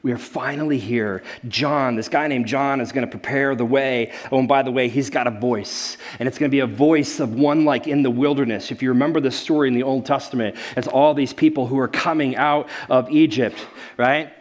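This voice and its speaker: A man preaching a sermon in a conversational, animated way, often calling his listeners guys. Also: mid-range voice, brisk. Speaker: pastor.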